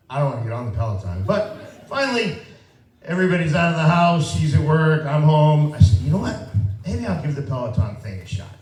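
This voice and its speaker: A man performs a stand-up set in a relaxed, self-deprecating way, with a voice pitched a little high. The sound carries the boom of a live room, caught from well back from the mic. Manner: self-deprecating, conversational, animated when quoting himself. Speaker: stand-up comedian. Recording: roomy live venue, mic heard from a distance. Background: audience laughter.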